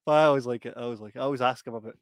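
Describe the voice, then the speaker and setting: This Scottish man in his thirties co-hosts a podcast, swapping stories in casual chat at a very fast clip and a medium pitch. He swears and laughs a lot, telling his tales with real animation. The sound is clean studio audio with no room tone.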